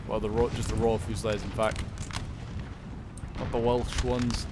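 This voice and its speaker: A man giving relaxed, unscripted commentary on a strategy game battle, thinking aloud with frequent pauses. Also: fairly low pitch, background noise.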